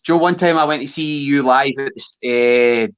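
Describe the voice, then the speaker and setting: A man's voice: mid-range voice, brisk. Scottish guy, plain mid voice, blunt and sweary, muffled lo-fi remote audio. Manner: blunt, sweary, laughs a lot. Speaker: wrestler guest. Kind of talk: casual chat.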